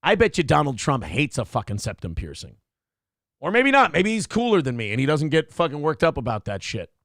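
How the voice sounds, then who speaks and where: A man hosting a morning show with a fairly high, gravelly voice, swearing and joking as he rambles through stories. The sound is dry and close to the mic. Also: huge pitch swings, fairly quick, fairly bright tone, dry recording. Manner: crude, joking, rambling storyteller. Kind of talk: casual comedic chat.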